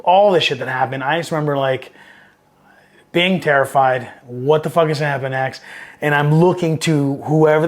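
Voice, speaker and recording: A middle-aged man from Southern California, a Marine veteran telling war-era stories in a casual, profane, rambling way, livening up when he quotes others. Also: on the high side. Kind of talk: casual storytelling interview.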